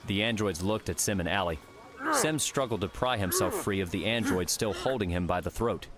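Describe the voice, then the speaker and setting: A man narrating an audiobook in a steady, even storytelling voice. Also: lowish voice, normal speed. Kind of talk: scripted narration.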